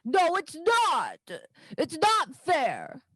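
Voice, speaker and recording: Lady doing a pouty kid girl in a dnd game, high voice, whiny and indignant, stops and starts a lot. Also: huge pitch swings, extremely slow, a bit bright, no room sound, heavily acted. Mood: sulky, indignant. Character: sulky young girl who lost her magic.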